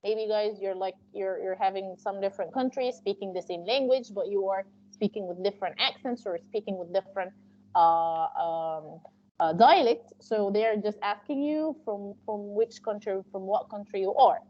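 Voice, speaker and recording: A woman's voice: mid-range voice, normal speed, dark tone, slight background noise. A woman instructor teaching a live online class on medical interpreting, explaining step by step with frequent fillers and restarts. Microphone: video call. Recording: muffled lo-fi call audio.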